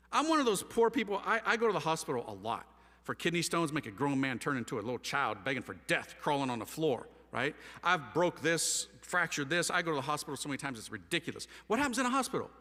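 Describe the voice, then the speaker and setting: Animated man telling his story in an echoing hall. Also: fairly high pitch, quick pace. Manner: energetic, acts out dialogue in casual slang. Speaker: speaker giving his testimony.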